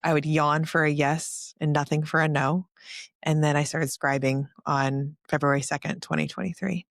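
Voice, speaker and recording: A woman with a gravelly, creaky voice talks through her own story as a podcast guest. She speaks earnestly, one thought tumbling into the next. The sound is close and dry, with no room around it. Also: low-pitched, level tone, moderate pace, no room sound. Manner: earnest, tumbling, emotional retelling. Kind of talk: personal storytelling in a casual interview.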